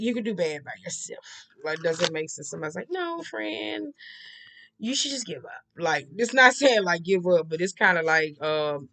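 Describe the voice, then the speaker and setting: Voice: mid-range voice, fairly bright tone. A tarot reader giving a casual monthly reading in a blunt, profane, rambling way, repeating the same tics and often checking in with the listener. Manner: blunt and profane, with frequent slang.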